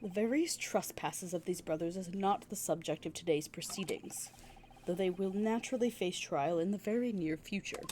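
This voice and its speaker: A woman doing a measured, low-voiced prosecutor. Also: mellow, a little hiss or hum, lightly acted. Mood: composed. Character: cool, composed male prosecutor.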